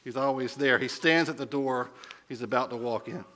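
A man's voice: mid-range voice, moderate pace, sharp tone. A man preaching a sermon as a pastor, telling stories in a conversational way and asking the listeners questions.

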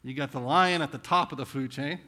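A man with a Southern US accent preaching a conversational sermon, asking rhetorical questions and swinging between intense and hushed delivery. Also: mid-range voice, fairly quick. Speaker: pastor.

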